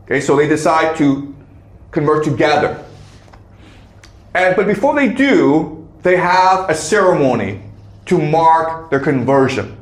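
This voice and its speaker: A man teaches a class, pausing constantly to check that the students follow. His voice sits a little high, and the classroom around him rings with echo. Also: lively intonation. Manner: checks in with frequent "okay?". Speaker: lecturer. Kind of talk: classroom lecture. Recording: echoey classroom.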